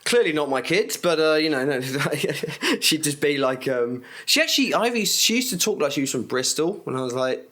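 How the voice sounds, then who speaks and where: A man's voice: fairly high pitch, normal speed. A man, co-hosting a casual podcast chat, telling long rambling stories full of restarts and swearing. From England. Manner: rambling, animated storyteller with many restarts; swears freely. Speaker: podcast co-host.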